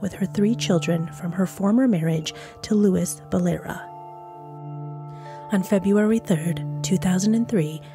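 A woman hosting a true crime podcast, reading a scripted narration with frank, blunt, conversational asides. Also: lowish voice. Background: music.

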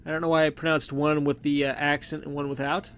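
A man's voice: on the high side, little pitch movement, quick pace, a bit bright. A man giving casual gameplay commentary, chatty and thinking aloud as he plays, often correcting himself mid-sentence. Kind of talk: casual let's play commentary. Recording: game music playing faintly behind.

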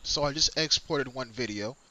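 A man livestreaming a shooter game gives casual, slangy, profane commentary aimed straight at his viewers and opponents, repeating his own phrases. He speaks at normal speed in a medium-pitched, sharp voice, with slight background noise.

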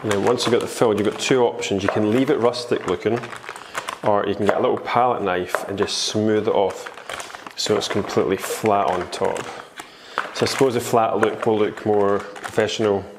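A man's voice: fairly low pitch, steady tone, moderate pace, noisy background. A Scottish man with a chatty, jokey manner, giving a casual cooking tutorial in a kitchen. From Scotland. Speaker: baking instructor.

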